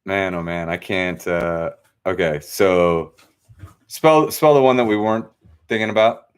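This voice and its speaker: A young man hosting a casual live trivia night, reading out answers with relaxed asides and self-corrections. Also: low-pitched, unhurried, clear, resonant tone.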